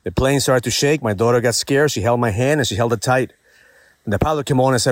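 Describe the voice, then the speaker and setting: A man's voice: mid-range voice, fast, no echo. A middle-aged man hosting a daily inspirational talk, telling a personal story in an earnest, reflective way with many rhetorical questions.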